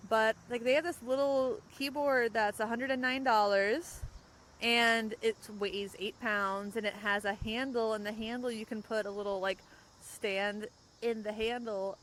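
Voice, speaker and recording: A young woman hosting a podcast in casual chat, rambling and quick to laugh. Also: fairly high pitch, steady tone, a bit bright, slight background noise, low-quality recording. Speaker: podcast host. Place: outdoors, in a parked car.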